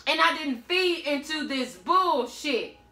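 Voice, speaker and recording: A woman's voice: high-pitched, takes it slowly, roomy sound. A woman giving a blunt, sassy tarot reading in a casual monologue. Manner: sassy, blunt, animated storytelling. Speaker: tarot reader.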